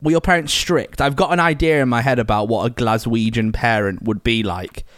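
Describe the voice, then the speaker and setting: A man hosting a podcast, asking questions in a relaxed, joking, conversational way. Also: medium pitch, fairly quick, no echo, studio quality. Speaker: podcast host. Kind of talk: casual interview chat.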